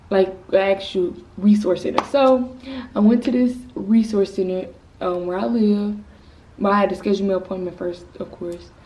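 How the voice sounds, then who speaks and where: A woman's voice: medium pitch, a little mellow. A teenage girl, a vlogger, telling a personal story in a casual, rambling, candid way. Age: teens. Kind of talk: storytime vlog. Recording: slightly distant mic with faint noise.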